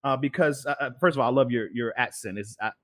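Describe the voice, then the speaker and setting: Guy host rambling along in a casual chat, medium pitch, lots of uh and um. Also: fast talker, a bit bright. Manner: rambling, repeats words, many fillers. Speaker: podcast host.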